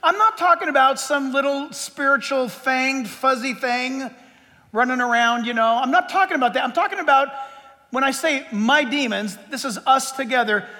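A man's voice: extremely high pitch, moderate pace, pushed and bright, in a large hall. A middle-aged man preaching a sermon as pastor, conversational and joking with his congregation. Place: church sanctuary.

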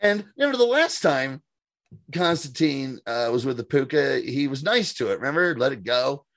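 A man's voice: mid-range voice, very animated, moderate pace, fairly bright tone, no echo. A man co-hosting a podcast, recapping in casual chat, rambling, swearing freely and laughing often. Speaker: podcast co-host.

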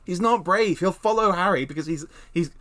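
A man's voice: high voice, fairly quick, fairly bright tone. A man co-hosting a podcast, chatting casually and opinionatedly, swearing now and then. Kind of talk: casual chat.

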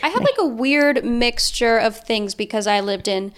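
A woman's voice: a little high, lively intonation, moderate pace, fairly bright tone, smooth. A young woman co-hosting a podcast, chatting casually and rambling with lots of fillers. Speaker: podcast co-host. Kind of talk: casual chat.

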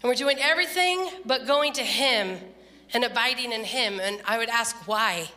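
A woman preaching a sermon, telling a story with lively, laughing quotes. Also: fairly high pitch, normal speed, big-room sound. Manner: animated storytelling, laughing, voice jumps up when quoting. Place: church.

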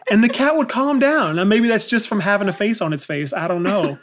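A woman's voice: mid-range voice, brisk. A woman co-hosting a podcast, telling stories at an easy, meandering pace with plenty of "like" filler. Her voice sits in a middle range. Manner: rambling storyteller, lots of "like". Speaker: podcast co-host. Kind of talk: casual chat.

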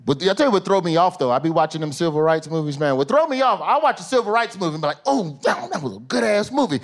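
High-voiced profane stand-up comic. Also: male voice, rapid-fire. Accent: African American Vernacular English. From United States. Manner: loose, profane, animated storytelling with put-on voices. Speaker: stand-up comedian. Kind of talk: stand-up comedy set. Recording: live show with audience noise.

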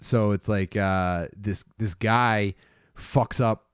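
A man with a lowish voice trades crude jokes and rambles through stories in a casual podcast chat. He sounds close and dry, with no room around him. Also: steady tone, takes it slowly, clean tone, dry recording. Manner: profane, joking, rambling. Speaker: podcast co-host.

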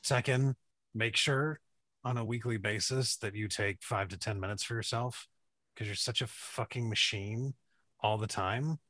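A man giving a sincere birthday message, halting now and then with fillers. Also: lowish voice, bright, forceful tone, no room sound.

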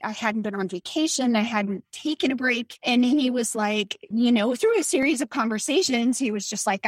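A woman's voice: on the high side, normal speed, few pauses, dry recording. A woman being interviewed on a podcast, talking frankly and wearily, acting out the people in her story. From Colorado. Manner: frank, tired, tells story with quoted dialogue. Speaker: podcast guest, former bakery owner. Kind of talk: candid conversational interview.

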